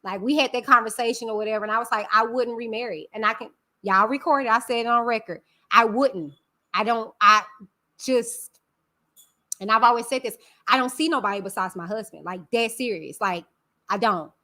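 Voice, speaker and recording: Bright-voiced woman chatting candidly. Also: on the high side, brisk. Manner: emphatic, confiding, addresses viewers as y'all. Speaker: channel host. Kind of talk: candid live-stream chat to viewers.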